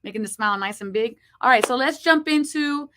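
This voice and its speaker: A woman hosting a spiritual live stream, her voice sitting a little high. She talks with a slight lisp and an upbeat, chatty manner as she greets viewers and reads oracle cards. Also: noisy background. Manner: slow hushed reading of card messages. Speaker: host. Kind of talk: live-stream horoscope show.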